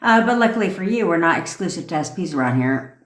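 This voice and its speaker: A woman's voice: fairly low pitch, animated, fast, reverberant. A woman manifestation coach ranting sarcastically and profanely on a phone live stream. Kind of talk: TikTok live rant.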